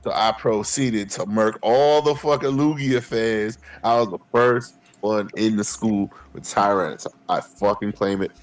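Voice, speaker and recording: A man, co-hosting a podcast and telling animated, profane stories, acting out his past self. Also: lowish voice, a little slow, few pauses. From Queens, New York. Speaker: podcast co-host. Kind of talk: casual chat.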